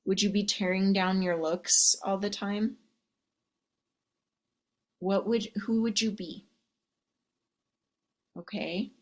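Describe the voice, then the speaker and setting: A woman's voice: medium pitch, fairly even intonation, takes it slowly, pauses often. A woman coach giving a sassy, teasing live pep talk to her viewers, swearing freely and checking in with "okay?". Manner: sassy, teasing, profane, keeps asking "okay?". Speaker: love and life coach.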